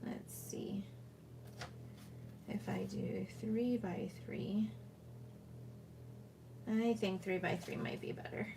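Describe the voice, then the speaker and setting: A woman talks slowly and chattily through a card-making tutorial, thinking aloud as she measures and tapes. Her voice sits in a middle range. A clear hum of ambient noise runs underneath the recording. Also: medium pitch, fairly even intonation. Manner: chatty, talks to herself while working. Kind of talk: casual crafting tutorial.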